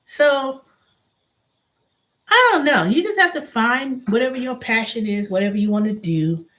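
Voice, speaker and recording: Venting on her casual vlog, this middle-aged woman acts out other people's voices and frequently starts over or repeats herself. Her pitch is fairly high and her pace moderate.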